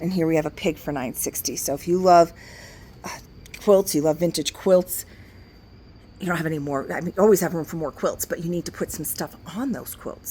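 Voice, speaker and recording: A slightly mellow, low voice with a breathy edge belongs to a woman leisurely showing items in the large antique shop she owns. As she walks, she chats and calculates discounts out loud.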